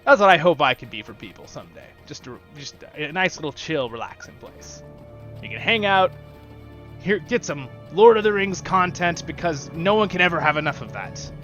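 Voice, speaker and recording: A man's voice: a little high, lively intonation, moderate pace, fairly bright tone, dull audio, faint music behind. A man hosting a gaming channel, chatting enthusiastically and rambling while he plays. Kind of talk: casual gameplay commentary.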